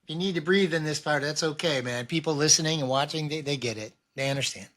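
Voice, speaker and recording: A man's voice: fairly high pitch, fast, fairly bright tone. A man hosting an interview podcast, reassuring and encouraging his guest. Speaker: podcast host. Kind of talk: casual interview.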